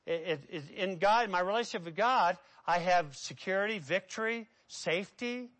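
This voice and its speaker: A man preaching a sermon, building to loud emphatic peaks and then dropping to a low, quiet delivery, with a repetitive cadence. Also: moderate pace. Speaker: pastor.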